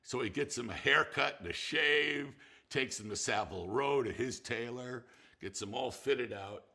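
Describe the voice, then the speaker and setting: An older man, a film director, telling anecdotes in an animated, laughing way with many restarts. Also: mid-range voice, moderate pace, creaky. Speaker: film director recalling a colleague. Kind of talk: anecdotal storytelling.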